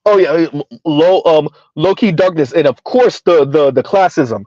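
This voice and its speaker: A man's voice: on the high side, normal speed, a little mellow, no room sound, lo-fi sound. A man from the US South giving sarcastic, mocking reaction commentary and reading out chat comments. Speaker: commentary streamer.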